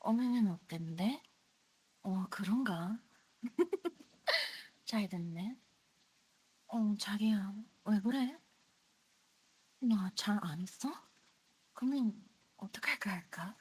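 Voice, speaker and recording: A young woman voicing a doting, affectionate mommy character in a soft, breathy whisper as whispered role-play. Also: mid-range voice, rapid-fire, pauses often, close to an everyday voice.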